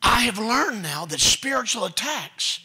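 A man preaching a sermon in a church, telling stories with folksy asides and building to shouted commands. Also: extremely high pitch, big pitch swings, a little slow, husky. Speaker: guest preacher. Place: church sanctuary.

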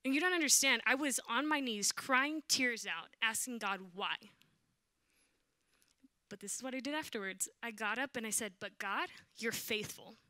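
A woman's voice: fairly high pitch, normal speed, pushed and bright, no echo. A young woman preaching a casual, emotional sermon at a church service, with a slangy, conversational style.

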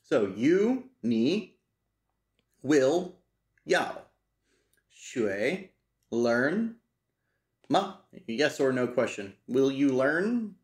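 A man talking casually through a study session, slowly repeating phrases aloud and thinking as he goes. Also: medium pitch, sing-song, a little mellow. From United States. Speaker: language learner teaching himself.

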